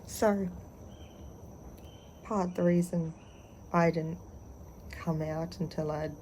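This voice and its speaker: A young adult trans man telling personal stories in a candid, rambling vlog, pausing often. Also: on the high side, fairly even intonation, darkish tone, slight background noise, low-quality recording. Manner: candid, rambling, halting with frequent pauses. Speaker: vlogger.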